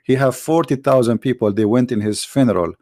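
A man's voice: medium pitch, brisk, darkish tone, no echo, studio quality. A man hosting a heated call-in debate, insistent and sarcastic, pressing with repeated questions and cutting in. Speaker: debate host.

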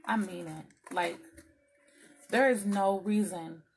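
A woman talks straight to her viewers in a casual home unboxing vlog, with a gravelly, creaky edge on her voice. She vents openly, cusses freely and keeps up chatty asides. Her pitch sits in an ordinary middle range, with a faint hiss behind her. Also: takes it slowly. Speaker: vlogger and small business owner.

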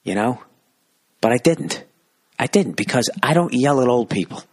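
Husky-voiced man in his forties ranting. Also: mid-range voice, animated, no room sound, studio quality. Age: 40s. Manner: fast, sweary, acts out both sides of a story. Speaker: podcast host. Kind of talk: profane comic rant.

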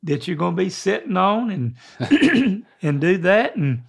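An older man with a drawl talks in a rambling, folksy way, now and then clearing his throat. His voice sits high for a man. He is giving friendly home advice in a casual chat. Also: sing-song, a little slow. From American South. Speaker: guest father giving advice.

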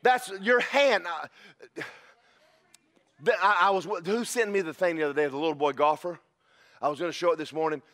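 Man, pastor, high voice, lively sermon, shouts of praise. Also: fairly quick, pauses often. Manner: animated, bursts into shouted praise.

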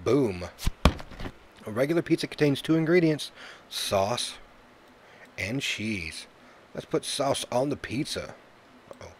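A man's voice: mid-range voice, lively intonation, takes it slowly, long pauses, slight background noise. A man hosting a casual let's-play commentary of a video game, chatty and joking, with lots of "uh" fillers. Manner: jokey, chatty, many "uh" fillers. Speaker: gaming YouTuber.

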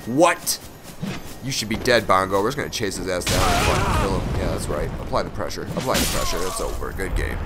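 A man giving casual, profane gameplay commentary, joking and breaking into excited shouts. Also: low voice, brisk, very noisy. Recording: loud music behind the voice.

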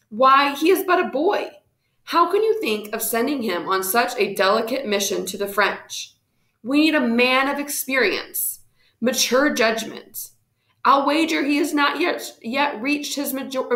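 Woman doing elderly councilman, scornful, mocking, higher-pitched, roomy sound. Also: a bit bright. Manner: mocking protest. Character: elderly male colonial council member, scornful.

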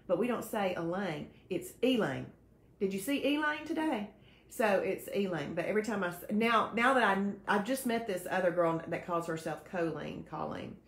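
A woman hosts a live show, cheerfully greeting viewers by name and mixing in devotional teaching. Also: on the high side. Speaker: host of a faith-based weight-loss live show. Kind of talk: casual live-stream chat, reading viewer comments. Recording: echoey room.

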